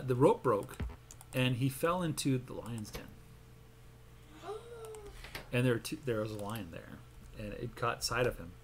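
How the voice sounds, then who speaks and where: A man in casual gameplay commentary, his voice sitting in an ordinary middle pitch. He rambles, restarts sentences and fills gaps with ums as he talks. A faint hiss of noise runs under the recording. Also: a bit bright. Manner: rambling, self-interrupting storyteller. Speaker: gaming channel host.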